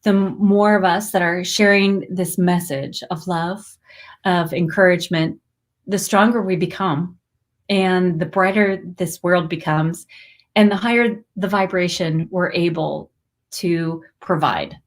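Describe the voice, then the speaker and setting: A woman in her forties hosts a spiritual livestream, talking in a heartfelt, rambling way. She breaks into bursts of excited greetings now and then. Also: on the low side, measured pace. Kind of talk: emotional live stream chat.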